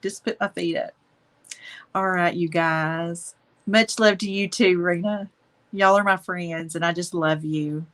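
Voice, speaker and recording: A woman's voice: fairly low pitch, fairly even intonation, a little slow. A woman hosting a live painting stream, chatting affectionately with viewers as she wraps up. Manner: warm, affectionate, chatty, says y'all. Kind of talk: casual live-stream chat.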